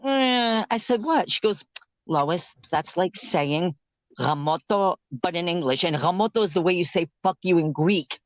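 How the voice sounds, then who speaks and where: A woman's voice: mid-range voice, no echo, rough recording. Brief: fifties woman, anecdotal, laughing storyteller, dry close sound. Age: 50s. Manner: storytelling, laughs at own stories. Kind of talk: casual chat.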